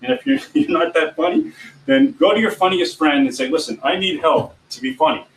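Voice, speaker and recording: A man coaching people on giving presentations in an informal teaching talk, animated and often swinging his voice up and down. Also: on the high side, a little fast. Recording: echoey room, distant mic, faint background hum.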